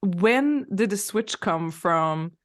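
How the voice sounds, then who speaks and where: A woman's voice: medium pitch, expressive, slow pace. A woman hosting a casual podcast interview, asking probing questions and laughing along with her guest. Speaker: podcast host.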